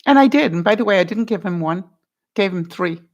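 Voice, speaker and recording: An older woman vlogger giving life advice, telling a story in a casual, animated way and acting out both sides of a phone call. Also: mid-range voice, brisk.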